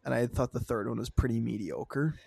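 A man's voice: medium pitch, steady tone, a little fast, creaky, darkish tone, slightly rough, dry recording. A young man co-hosting a casual podcast, talking in a heated, exasperated rant. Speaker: podcast co-host.

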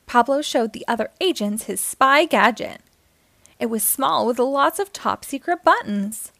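A woman reading a children's picture book aloud, narrating with expressive storytelling. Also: on the high side, dry recording. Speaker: storytime reader.

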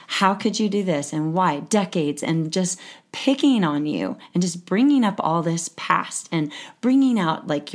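A woman coach calmly guiding the talk and explaining steps one at a time. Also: fairly low pitch. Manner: calm, guiding, explaining step by step. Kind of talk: coaching conversation.

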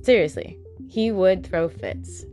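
A woman's voice: lowish voice, sing-song, slow pace, dark tone, soft background music. A woman casually narrating a true crime story, blunt and sarcastic, swearing in her asides.

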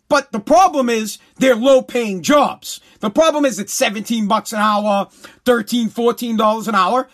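A man with a strikingly high voice delivers a heated, profane rant. He repeats his points and breaks into shouts. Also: moderate pace. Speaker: commentator. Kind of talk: ranting commentary.

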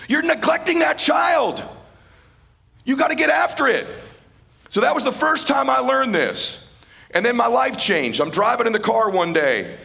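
Middle-aged male motivational speaker on stage, impassioned, gravelly and high-pitched. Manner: impassioned, swings from shouting to hushed. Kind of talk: live motivational speech. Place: stage at a live event.

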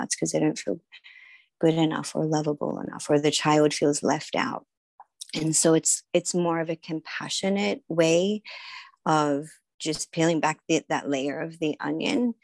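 A woman talking in a casual interview, reflective and relaxed, often acting out little inner voices and laughing. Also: sits low, vocal fry, no room sound. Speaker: podcast guest, writer and healer.

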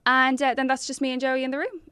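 An Irish woman from Ireland telling an animated anecdote in casual chat, quoting people as she goes. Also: high voice, fast, smooth, no echo, clean studio sound. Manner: breathless, animated storytelling with quoted voices.

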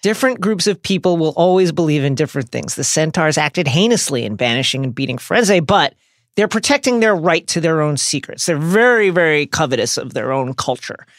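A man's voice: fairly high pitch, lively intonation, a little fast, a bit bright, no room sound, clean studio sound. A man co-hosting a podcast, narrating a scripted recap with reflective commentary and wry humor. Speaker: podcast co-host.

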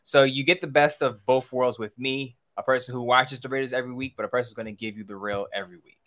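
A man's voice: mid-range voice, fairly even intonation, fast, a bit bright. A man co-hosting a sports podcast, giving frank, opinionated takes. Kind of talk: casual sports talk.

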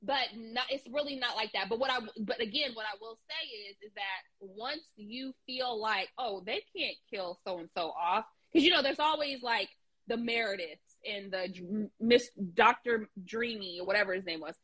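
A woman in casual podcast chat, talking in an animated, slangy, emphatic way. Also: fairly high pitch, normal speed, slightly rough, poor audio.

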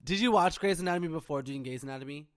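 A man's voice: fairly high pitch, very fast. A man who is a drag queen co-hosting a casual chat, with sassy, teasing banter.

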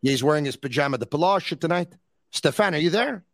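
A man, hosting a casual call-in podcast. He teases his caller playfully, stretching his words for emphasis. His voice sits a little high and sounds dry and close. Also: animated, creaky, no echo. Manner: teasing, playful, drawn-out emphasis. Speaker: podcast host.

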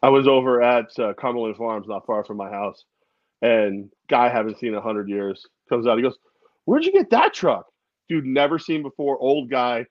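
A man's voice: mid-range voice, normal speed, no echo. Guy cohosting a sports podcast, laughy storyteller, muffled dry mic. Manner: animated storyteller, laughs a lot. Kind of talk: casual sports chat.

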